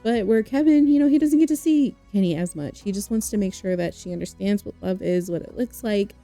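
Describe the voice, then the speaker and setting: A woman's voice: medium pitch, fairly quick, mellow, faint music behind. A young adult woman narrating a life-simulation game, who chats with her viewers directly and laughs easily. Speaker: game streamer.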